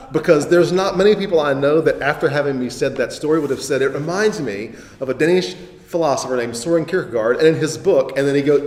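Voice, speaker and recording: A man's voice: fairly high pitch, darkish tone. Enthusiastic man pastor hosting. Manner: enthusiastic, quick to affirm with short exclamations. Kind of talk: conversational church talk. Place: church hall. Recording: echoey hall with long reverb.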